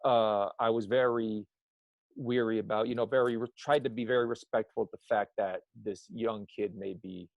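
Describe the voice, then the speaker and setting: A man's voice: lowish voice, steady tone, moderate pace, vocal fry, dry recording. A man telling a story as an interview guest, rambling, with many restarts and self-corrections.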